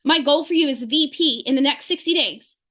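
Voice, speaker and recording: Woman, high voice, sales team leader; fervent motivational speech, rapid-fire questions, video-call mic. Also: a bit bright.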